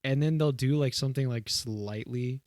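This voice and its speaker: A young man co-hosting a casual podcast, telling a story in loose, rambling bursts full of fillers and swearing. His voice sits at an ordinary middle pitch, and the sound is dry and close. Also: moderate pace, a little mellow, no echo. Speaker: podcast co-host. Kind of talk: casual chat.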